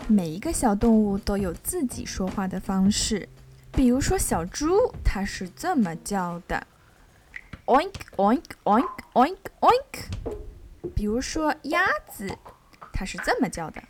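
A woman hosting a children's English reading show, reading a picture book aloud with a child in English and Chinese and stretching out her questions slowly to coax answers. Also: medium pitch, fairly bright tone. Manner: switches between English and Chinese.

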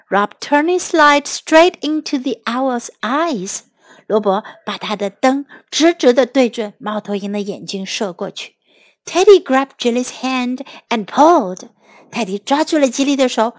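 Woman storyteller, children's story, high voice, clear and expressive, dry close sound. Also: dry recording. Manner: clear, expressive, slow English then Chinese. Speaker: storyteller and English teacher. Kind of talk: bilingual children's story reading.

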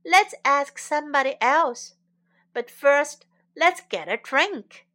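A woman's voice: sits high, expressive, slow, pushed and bright, heavily acted. A woman playing an exasperated storybook cow. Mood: protesting. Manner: protesting, exclaiming. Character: patient, exasperated female cow.

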